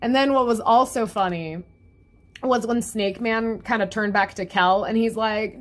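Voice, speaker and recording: A young woman with a fairly high voice reviews a webcomic chapter at an easy pace, giggling often and putting on the characters' voices to act out their lines. Her chatty talk wanders and is packed with fillers.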